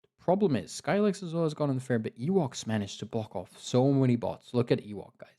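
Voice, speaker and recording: A man giving live, excitable commentary on an online strategy game, laughing and cheering players on, sounding a bit tired. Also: mid-range voice, fairly quick. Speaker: game commentator and league host.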